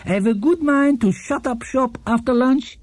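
A man voicing a kindly, courteous elderly antique shop owner who speaks with gentle enthusiasm. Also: very high voice, measured pace, dry recording, pitched above the performer's own voice. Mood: enthusiastic.

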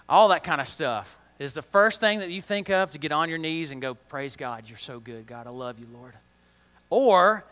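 Man teaching kids in a bright, ringing voice. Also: on the high side, smooth. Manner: chatty, asks kids questions, plain slangy words. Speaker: kids' church teacher. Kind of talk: children's Bible lesson. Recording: long reverb of a large hall.

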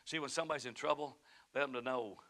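A middle-aged man with a Southern US accent preaching a sermon as pastor, moving between shouted fervent passages and quiet storytelling. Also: mid-range voice, fast talker. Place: church sanctuary.

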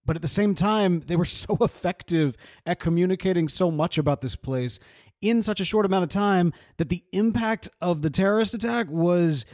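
A man's voice: sits high, normal speed, darkish tone, dry recording, clean studio sound. A man in his thirties who grew up in the American South, talking through a cartoon episode in an earnest, emotional, rambling way with many asides. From Southern US, grew up in Mississippi. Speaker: video creator reacting to a cartoon episode. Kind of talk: casual reaction monologue.

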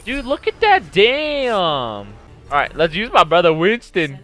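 A young man in his twenties calls out his game in real time, loud and excitable, swearing at teammates and taunting foes. His voice sits a little high and bright, with big swings in pitch as he reacts. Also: a little slow, faint music behind. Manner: excitable, swearing, trash-talking. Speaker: gaming YouTuber. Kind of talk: gameplay commentary.

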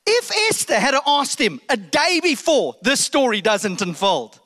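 Animated South African preacher, high voice. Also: male voice, unhurried. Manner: animated, casual, jokey retelling. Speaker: pastor. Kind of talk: sermon storytelling.

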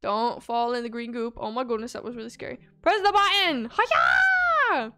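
A woman giving excitable commentary while playing a video game, gasping and squealing at every obstacle. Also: a little high, moderate pace, a little hiss or hum. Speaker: gaming video creator. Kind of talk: playthrough commentary.

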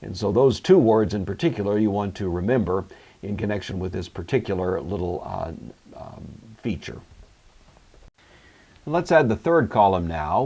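A man teaching a recorded Greek grammar lecture, measured and explanatory, with occasional fillers. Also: low-pitched, darkish tone.

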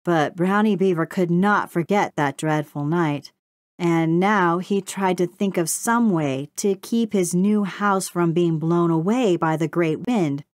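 A woman narrating a children's storybook in a slow, measured way. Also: on the low side, a little mellow, no echo, studio quality. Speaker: audiobook narrator.

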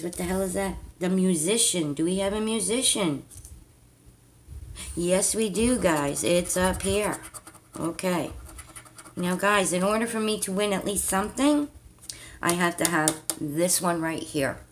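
Slow-talking woman chatting to viewers. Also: on the low side, slight background noise. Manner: chatty, talks to viewers as "guys", mild cursing. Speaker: vlogger. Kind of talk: casual chat to viewers while playing a scratch-off card.

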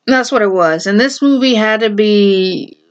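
A woman's voice: mid-range voice, measured pace. A woman casually retelling a half-remembered movie, rambling and hesitant, full of fillers and restarts. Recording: dull lo-fi home recording.

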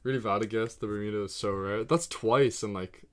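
Male streamer, lowish voice, excitable casual chat with loose swearing, keyboard typing behind. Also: fairly quick. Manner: excitable, talks to himself and chat, swears freely. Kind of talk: casual live-stream chat while playing a geography game.

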